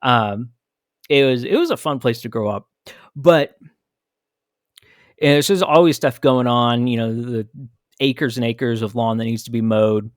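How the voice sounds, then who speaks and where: A man's voice: mid-range voice, unhurried, pauses often, no room sound, studio quality. A man hosting a podcast, telling a candid, reflective story about his own childhood. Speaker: podcast host. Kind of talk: personal storytelling monologue.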